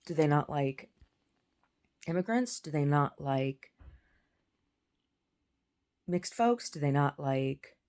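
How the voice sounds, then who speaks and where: A woman's voice: low voice, expressive, slow, long pauses, a little mellow. A woman telling an angry story in a casual, profane rant with stammered restarts, at home. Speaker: vlogger. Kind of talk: casual ranting monologue.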